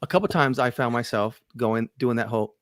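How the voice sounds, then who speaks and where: A man's voice: mid-range voice, fairly quick, no room sound. A middle-aged man co-hosts a podcast with a mid-range voice, telling rambling anecdotes. He talks in a joking, teasing way. He is recorded dry and close. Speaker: podcast co-host. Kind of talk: casual chat, storytelling.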